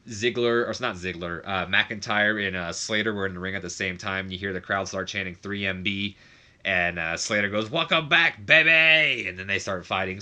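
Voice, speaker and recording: Chatty young man with a bright, forceful voice. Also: fairly low pitch. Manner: chatty, frequent fillers and self-corrections; does quick mock voices of others. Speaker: game commentator. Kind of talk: casual game commentary recap.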